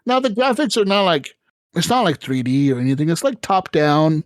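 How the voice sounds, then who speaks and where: A man co-hosting a casual gaming podcast, telling stories in an animated, profane way with sudden jumps up in pitch. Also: normal speed, no echo. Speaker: podcast co-host.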